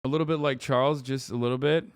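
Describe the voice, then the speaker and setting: A man streaming live, reacting to clips with profane, mocking, animated commentary. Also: mid-range voice, fast talker, clear, resonant tone, no room sound, studio quality. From United States.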